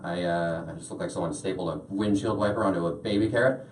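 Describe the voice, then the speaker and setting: A young man doing a stand-up routine in a comedy club, deadpan, with lots of "uh" fillers. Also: lowish voice, fairly quick. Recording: roomy club sound from a distance.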